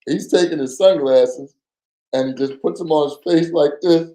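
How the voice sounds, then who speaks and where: A man telling a story as a podcast guest, animated and acting out the voices of people in it, often stammering and repeating words. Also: a little high, normal speed, roomy sound, poor audio. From New Jersey. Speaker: podcast guest, former undercover FBI agent. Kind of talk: casual storytelling.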